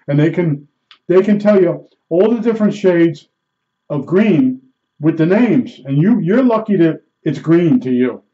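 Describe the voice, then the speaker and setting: A rambling, folksy man chats through a loose monologue, full of fillers and restarts. His voice sits a bit high yet sounds mellow and dark. The recording is muffled and lo-fi. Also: expressive, measured pace. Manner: imitates beeps with his mouth. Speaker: storyteller. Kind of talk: casual monologue. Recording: dull lo-fi recording.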